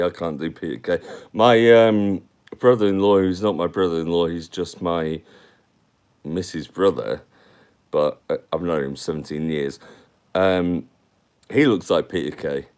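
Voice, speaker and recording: A man rambles through a casual live-stream chat. His voice sits very low, and he takes his time, drifting from one thought to the next as he talks to his viewers. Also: unhurried, a little mellow, clear, resonant tone.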